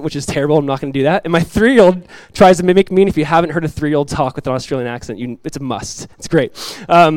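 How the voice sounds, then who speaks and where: A man in his thirties, a pastor giving a sermon in a relaxed, conversational way, telling stories with asides. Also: on the high side, dry recording, poor audio. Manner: conversational, animated storytelling with asides.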